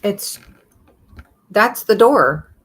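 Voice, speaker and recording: A woman's voice: mid-range voice, lively intonation, drawn-out words, fairly bright tone, breathy edge. A woman live streaming in a casual chat style, speaking bluntly, swearing now and then, and muttering as she reads app text aloud.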